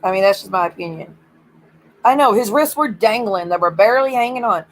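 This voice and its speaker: A woman's voice: mid-range voice, lively intonation, a little fast, low-quality recording. A woman streamer ranting bluntly and swearing in casual stream chat.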